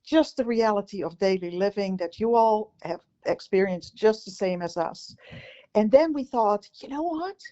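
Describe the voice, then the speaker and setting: A Dutch-accented woman in her sixties from the Netherlands co-hosts a podcast, joking, teasing and often laughing in casual chat. Her mid-range voice is warm at a moderate pace, though the recording sounds muffled.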